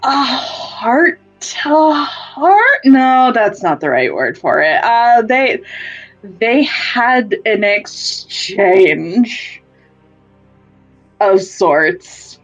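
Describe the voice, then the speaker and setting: A woman's voice: medium pitch, animated, extremely slow, dull audio, faint music behind. A woman casually recapping a tabletop game session, rambling, swearing and laughing as she goes. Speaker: player giving a session recap.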